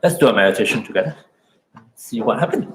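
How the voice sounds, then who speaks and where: Reflective low-voiced man teaching meditation. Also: lively intonation, a bit bright, echoey room, slight background noise, poor audio. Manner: unhurried, reflective, with tag questions like "isn't it" and "no". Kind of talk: dharma talk leading into guided meditation.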